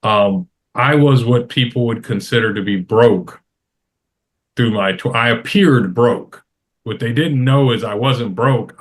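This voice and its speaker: A man's voice: fairly low pitch, a bit bright. A middle-aged man on a roundtable panel, talking in an emphatic, advice-giving way and repeating phrases for stress. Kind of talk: casual roundtable discussion.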